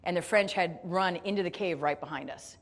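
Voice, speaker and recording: A woman from the United States giving a motivational keynote, telling a story in an animated, playful, self-deprecating way and speaking straight to her audience. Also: fairly low pitch, fairly quick.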